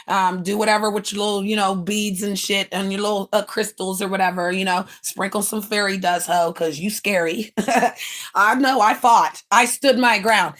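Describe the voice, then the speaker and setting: A woman hosting her own livestream, ranting in a brash, profane, mocking way with sudden bursts of shouting. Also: mid-range voice. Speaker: livestream host.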